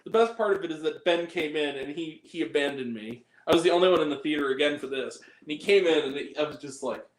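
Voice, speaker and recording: A man's voice: a little high, fast, roomy sound, rough recording. A man hosting a casual movie talk, ranting with profanity and mocking with put-on voices. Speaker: podcast host.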